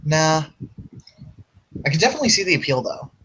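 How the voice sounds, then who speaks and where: A man's voice: a little high, very animated, a little fast, a bit bright, a little hiss or hum, rough recording. A man playing a tabletop role-playing game, casually describing his character. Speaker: player.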